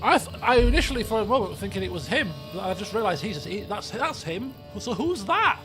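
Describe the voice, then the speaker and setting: This let's play host, a man with a British accent, has a high voice with big pitch swings and a brisk delivery. Game music plays as he casually comments and rambles, reading the dialogue aloud with some drama.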